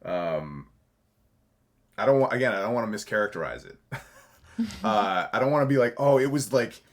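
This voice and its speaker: A man with a notably deep, low voice tells his story in an unscripted interview. He rambles, restarts his sentences and swears freely, often laughing as he speaks. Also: very animated, normal speed, fairly bright tone. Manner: rambling, self-correcting, swears freely and laughs while telling stories. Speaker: podcast guest, actor. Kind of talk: candid conversational interview.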